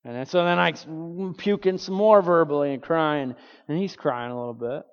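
A man's voice: fairly high pitch, normal speed, clear, resonant tone. Man preaching a story in a reverberant church. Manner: conversational, acts out quoted voices, frequent fillers and restarts. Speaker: pastor. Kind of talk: sermon storytelling. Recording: dull reverberant hall recording.

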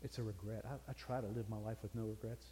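A man's voice: on the low side, steady tone, quick pace, warm tone, big-room sound, slight background noise. An older man preaching to a crowd, telling homely stories in an earnest, folksy way. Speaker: pastor. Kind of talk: sermon.

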